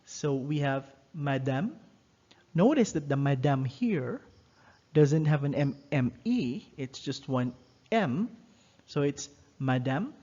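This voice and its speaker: A man giving a recorded French lesson, slowly repeating each phrase for students to copy. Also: a little high, animated, darkish tone, highs cut off. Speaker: French teacher.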